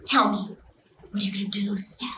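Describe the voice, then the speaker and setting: A cruel male devil taunts and mocks, played by a woman telling her story, sliding between low jeers and hissed whispers. The voice sounds far from the mic in an echoey room, with a faint hum underneath. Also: a little slow, close to an everyday voice. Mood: taunting. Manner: taunting, mocking, slipping into whispers.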